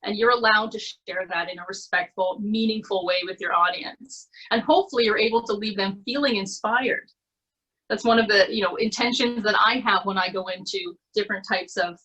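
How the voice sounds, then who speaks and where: A Canadian woman leads an online presentation workshop from her computer mic. Her voice is bright and a little husky. She keeps things conversational and encouraging, stopping often to check in with "okay?". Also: mid-range voice, moderate pace, rough recording. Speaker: presentation skills coach. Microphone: computer mic on a video call.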